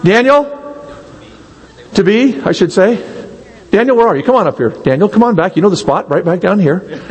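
Animated male preacher in a hall. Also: high voice, moderate pace, breathy edge. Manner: animated preaching with put-on quotes and rhetorical questions. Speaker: pastor. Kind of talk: sermon.

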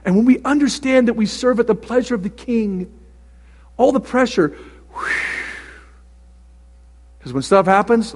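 A pastor preaching with big swings between loud exclamations and near-whispers. His voice sits high and a little breathy. It rings out through a large reverberant hall. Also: expressive, measured pace, pauses often. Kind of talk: sermon.

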